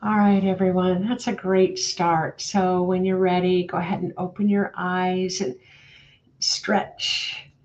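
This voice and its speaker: A woman who leads a guided meditation and spiritual talk as host, gently guiding and chatty, with filler words. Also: fairly low pitch, little pitch movement, slow pace. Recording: dull lo-fi audio.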